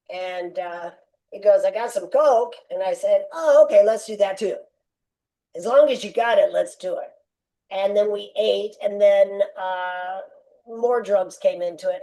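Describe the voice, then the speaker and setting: A woman's voice: medium pitch, warm tone, low-quality recording. An older woman, a guest on a podcast interview, telling a personal story with animation and acting out quoted lines.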